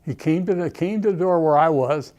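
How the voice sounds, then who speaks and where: A man's voice: on the high side, brisk, a little mellow. An older man, an Army veteran, reminiscing emotionally in a documentary interview, often saying "okay" and "you know".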